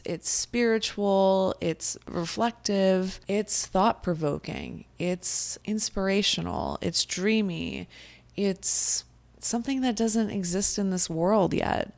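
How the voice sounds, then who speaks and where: A young adult woman, a spiritual coach, telling a personal story to camera in a chatty, animated way with lots of fillers. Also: on the low side, takes it slowly, vocal fry, no room sound.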